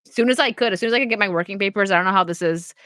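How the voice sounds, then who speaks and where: A woman's voice: mid-range voice, racing, a bit bright, no echo, studio quality. A young woman from New York State hosting a casual stream chat, chatty and teasing, laughing often. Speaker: stream host.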